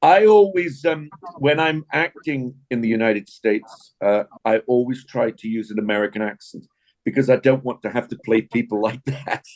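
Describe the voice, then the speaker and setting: Heard on poor audio, an older man with an English accent speaks in a mid-range, slightly mellow voice at a moderate pace. He leads an acting class in a chatty, encouraging manner, frequently praising his students.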